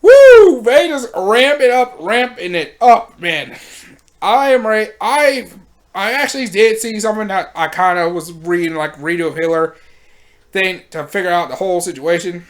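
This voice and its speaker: A woman recapping anime episodes in casual commentary, with slangy and animated storytelling. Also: fairly low pitch, moderate pace. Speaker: anime reviewer.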